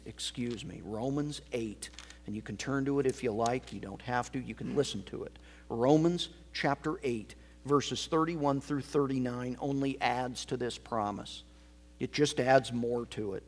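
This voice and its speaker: Man preaching, measured unhurried delivery, emphatic repetition, sermon from the pulpit. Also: medium pitch. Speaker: pastor.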